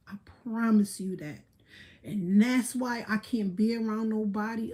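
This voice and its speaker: A woman's voice: mid-range voice, unhurried, a little mellow. A woman hosting a livestream, ranting casually in a blunt, profane, boastful way. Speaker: livestream host.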